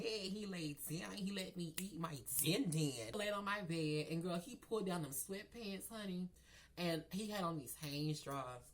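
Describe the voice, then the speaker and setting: A man spilling a story to his viewers in a casual vlog, sassy and gossipy. He keeps calling the audience girl and y'all. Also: sits high. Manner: animated with laughs and sudden loud outbursts. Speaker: storyteller vlogger.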